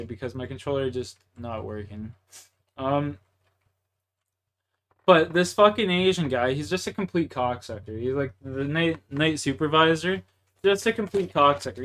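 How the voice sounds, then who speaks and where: A young Canadian man, his voice a little high and a bit bright, rants to his livestream chat while gaming. He's heated and frustrated, and the venting is heavy with profanity.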